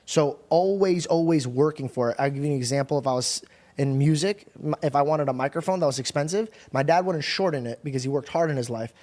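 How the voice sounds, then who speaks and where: A man's voice: on the high side, fast talker, darkish tone. A young man co-hosting a podcast, telling stories in loose, slangy casual talk. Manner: loose, slangy storytelling with swear slips. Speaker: podcast co-host. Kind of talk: casual chat.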